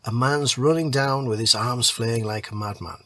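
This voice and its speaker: A man teaching creative writing. He reads a draft story aloud and then rewrites it, thinking aloud and pausing over words as he edits. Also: mid-range voice, fairly bright tone. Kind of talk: reading a draft aloud and editing it. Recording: keyboard typing audible behind voice.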